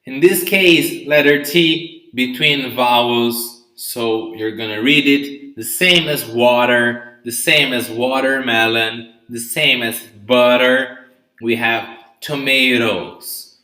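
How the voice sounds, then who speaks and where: A male English teacher speaks with great slowness in a bright, forceful voice, drilling each word's pronunciation and checking in with "okay?" and "right?". The sound is roomy, with a clear echo around him. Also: mid-range voice, fairly even intonation. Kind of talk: live online vocabulary lesson.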